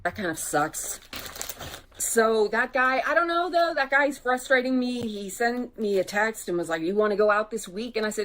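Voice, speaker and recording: A woman's voice: on the high side, expressive, moderate pace, fairly bright tone, a little hiss or hum. A woman vlogger telling candid dating stories in a casual, conversational storytime way. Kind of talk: chatty storytime vlog.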